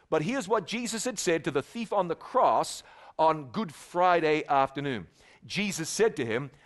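A male preacher delivers a sermon with a fairly high speaking voice. He talks to the audience in a casual, conversational way, dropping to quiet asides and then rising to emphatic, raised lines. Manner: conversational, swings from soft to emphatic. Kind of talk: evangelistic sermon.

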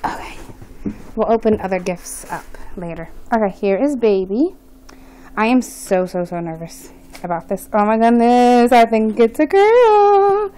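A woman filming an unboxing vlog, talking in a nervous, excited and gushing way. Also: mid-range voice, moderate pace, low-quality recording. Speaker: vlogger. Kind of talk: unboxing vlog, casual chat.

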